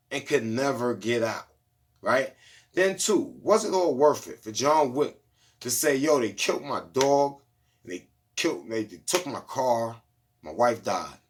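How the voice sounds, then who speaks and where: A man giving a loose, slangy movie review, retelling the plot in a casual storytelling way. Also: on the high side. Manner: loose slangy storytelling, lots of "you know what I'm saying".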